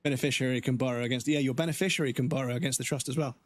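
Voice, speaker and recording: A man in his forties, a livestream gamer ranting casually with anger and frequent swearing, his voice going hoarse. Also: medium pitch, fairly even intonation. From United Kingdom. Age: 40s. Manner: angry, swearing, halting restarts.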